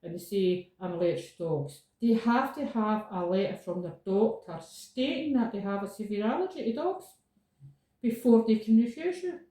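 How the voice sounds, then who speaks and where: A woman's voice: mid-range voice, animated, normal speed, dark tone, recorded from a distance. A woman in casual chat as a podcast host, stating her points firmly and repeating them for emphasis. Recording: echoey room, voice from off the mic.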